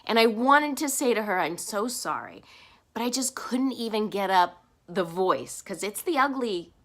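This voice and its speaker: A woman shares her feelings in a personal vlog, earnest and openly emotional. Her voice sits in an ordinary middle pitch for a woman, and her talk is plain and sincere. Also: fairly bright tone. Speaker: vlogger.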